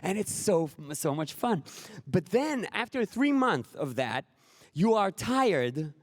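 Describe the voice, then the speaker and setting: Animated Israeli man doing stand-up. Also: high-pitched, no echo, clean studio sound. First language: Hebrew. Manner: animated, acts out scenes, exasperated outbursts. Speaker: comedian speaking at a conference. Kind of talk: stand-up comedy speech.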